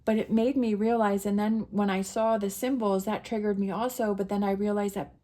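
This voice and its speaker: A woman's voice: mid-range voice, steady tone, brisk, dark tone. A middle-aged woman telling a personal story in a casual, emotional, rambling way, with many restarts. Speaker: tarot reader sharing a personal story.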